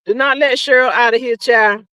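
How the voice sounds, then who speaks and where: A woman hosting a casual livestream with a high, bright voice. She drawls and reads out comments with sassy, preachy asides. The close microphone sounds dry, with almost no room around it. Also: fairly quick, clean tone, no echo. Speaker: livestream host.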